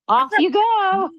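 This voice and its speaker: A woman's voice: very high-pitched, fairly bright tone, no room sound, highs cut off. A Canadian woman co-hosting a podcast, reading a ghost story aloud and breaking off to scold her pets. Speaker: podcast co-host. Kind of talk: casual podcast chat and read ghost story.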